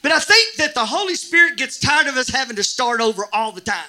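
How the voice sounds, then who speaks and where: Lively high-voiced preacher man. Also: fast. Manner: animated, jokey preaching with bursts of shouting. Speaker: pastor. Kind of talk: sermon. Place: church.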